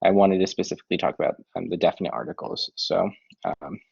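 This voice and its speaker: A man teaching a Spanish class online, explaining tasks in a relaxed way with many filler ums. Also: deep voice, quick pace, gravelly, breathy edge. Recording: dull lo-fi online lesson audio.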